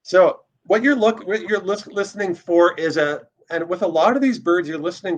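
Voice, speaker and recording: A man's voice: on the high side, animated, normal speed, highs cut off. A man teaching a casual online birding lesson, explaining step by step as he plays bird recordings. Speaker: birding instructor.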